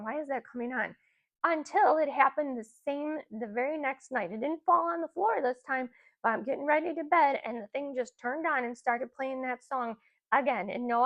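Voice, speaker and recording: A woman in her forties casually telling a personal spiritual story, rambling with many fillers and asides. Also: sits high. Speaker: spiritual content creator.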